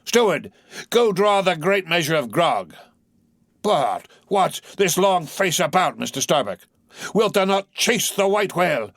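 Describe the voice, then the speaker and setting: A furious old sea captain , put on by an audiobook narrator, roars out his obsession in raised, thundering tones. The voice sits high for a man and sounds dry and close, with no room around it. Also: sing-song, measured pace, vocal fry, a bit bright, no room sound, exaggerated voice. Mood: raging. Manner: impassioned, thundering, biblical speech.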